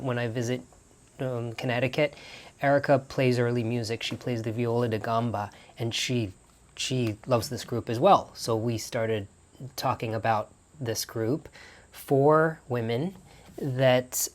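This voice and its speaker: A man vlogging in a small barn studio, telling stories casually with lots of restarts and self-corrections. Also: medium pitch. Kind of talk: casual storytelling to camera.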